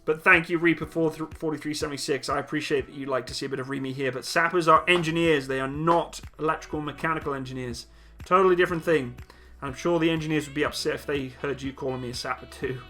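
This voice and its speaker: A young man from Britain hosts a casual live question-and-answer stream, reading viewers' comments aloud and answering them in a blunt, teasing way. His voice sits a little high for a man and comes across bright and forceful. Faint music plays quietly behind him. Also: fairly even intonation, fast, hardly any pauses. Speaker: livestream host answering chat questions.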